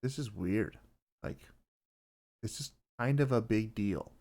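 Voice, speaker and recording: A man's voice: lowish voice, slow pace, darkish tone. A man hosting a casual podcast, who rambles with dry, self-deprecating humor and lots of fillers. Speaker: podcast host.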